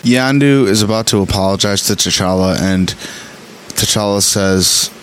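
A man hosting his podcast, talking casually and excitedly about an episode, rambling with frequent laughs while saying he is tired. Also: fairly low pitch, measured pace, a little hiss or hum, low-quality recording. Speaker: podcast host. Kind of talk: casual episode reaction commentary.

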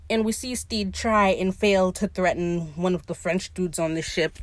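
A woman hosting a podcast, talking in a casual, slangy and profane way, opinionated and animated as she recaps. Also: on the low side, a little fast, few pauses, no room sound. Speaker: podcast host recapping a TV episode. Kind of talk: casual chat.

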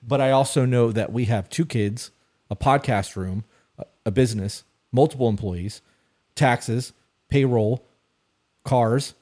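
A man's voice: medium pitch, unhurried, long pauses, a little mellow. Blunt, profane man co-hosting a podcast. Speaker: podcast co-host. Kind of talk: casual advice talk.

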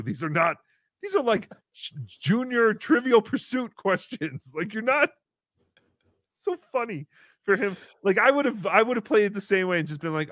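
High, animated comedy podcast host. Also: male voice, moderate pace, no room sound, studio quality. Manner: goofy, rambling, animated.

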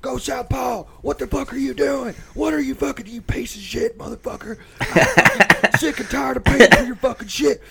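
A man's voice: extremely high pitch, animated, moderate pace, creaky, hardly any pauses, voice pushed up, heavily acted. A man putting on a screaming, cursing boxing dad. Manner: yelling, profane, berating.

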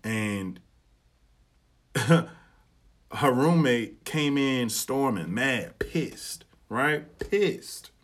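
Animated man podcasting in AAVE. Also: very slow, long pauses. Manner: animated storytelling, acts out quotes with rising pitch, swears freely. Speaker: podcast host. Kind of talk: casual solo podcast commentary.

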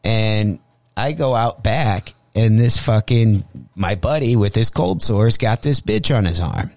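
A man's voice: fairly low pitch, a little slow, no room sound. A male comedian telling a profane comic story as a guest, acting out the voices he quotes. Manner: animated, acts out quoted voices. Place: radio studio.

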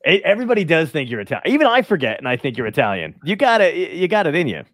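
A man's voice: on the high side, wildly swooping pitch, very fast, a bit bright, no echo, studio quality. A man, a stand-up comedian, chatting casually, laughing easily and swearing offhand. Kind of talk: casual chat.

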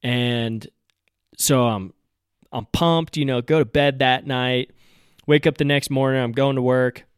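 A man with a smooth, resonant voice of middling pitch tells a casual story on his fishing podcast. He hosts it as a guide and acts out his own hopes and disappointments as he goes. The sound is close and dry, with almost no room. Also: measured pace, no echo. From Colorado. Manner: animated storytelling, acts out his own excited and crestfallen reactions.

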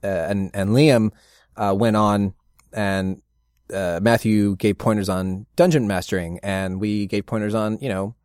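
A man's voice: on the low side, unhurried, smooth, no echo, clean studio sound. Chatty man telling rambling stories. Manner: rambling, animated storyteller who laughs often. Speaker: interview guest, voice actor. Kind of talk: casual anecdotal chat.

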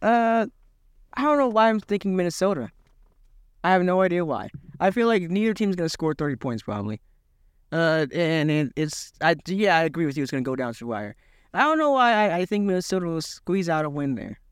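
A man with a somewhat raised pitch that jumps around lively as he chats football. He hedges a lot, trailing into "I don't know", and the close recording is dry and dead. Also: a little fast, smooth, no room sound. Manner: hesitant, lots of uh and I don't know, breezy slang. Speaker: podcast co-host. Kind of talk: casual sports chat.

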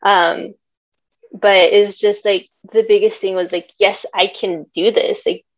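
A woman's voice: mid-range voice, steady tone, a little slow, muffled recording. A young woman author talking earnestly about her writing in a casual interview, with many "like" fillers. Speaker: author guest.

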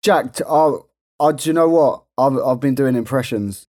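A man's voice: mid-range voice, normal speed, darkish tone, no room sound, studio quality. A man co-hosting a podcast, bantering in a jokey, chatty way. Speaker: podcast co-host. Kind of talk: casual chat.

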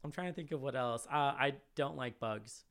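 A man's voice: mid-range voice, normal speed, a bit bright. A man in casual conversation who tells chatty stories and swears casually. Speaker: podcast co-host and writer. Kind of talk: casual chat.

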